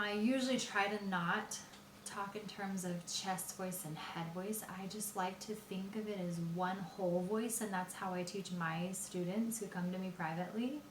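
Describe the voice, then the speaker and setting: A woman voice teacher explaining singing technique in a patient, explanatory way, pausing often with fillers. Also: medium pitch, a little hiss or hum. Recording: roomy echo.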